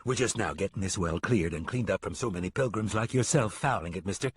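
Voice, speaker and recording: A stern woman sheriff of the frontier, firm and no-nonsense, played by a male audiobook narrator. She speaks in his own low, husky register and barely shifts it. The sound is close and dry. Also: fairly quick, no room sound.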